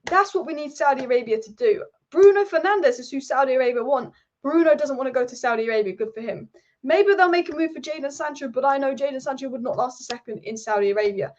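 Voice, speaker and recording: A woman's voice: sits high, a little hiss or hum. Woman, football channel host, rattles off opinions at speed, muffled lo-fi recording. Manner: opinionated, rapid and animated, with frequent restarts. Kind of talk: casual opinion vlog. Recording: dull lo-fi recording.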